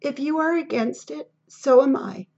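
A woman reading the part of a small, earnest young boy with a soft little voice, on a dull lo-fi recording. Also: sits high, expressive, unhurried.

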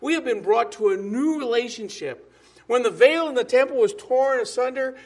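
A man preaching a sermon as a pastor, emphatic, with drops to soft asides. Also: high-pitched.

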